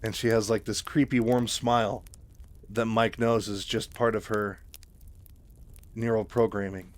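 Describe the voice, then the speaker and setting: A man's voice: fairly low pitch, little pitch movement, unhurried. A man casually recapping a book in a rambling, filler-heavy way. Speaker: narrator.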